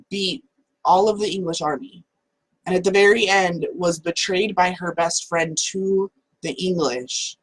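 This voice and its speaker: Chatty woman host, slightly husky, talks loosely from home. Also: mid-range voice, poor audio. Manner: chatty, lots of "like" fillers. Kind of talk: casual livestream talk.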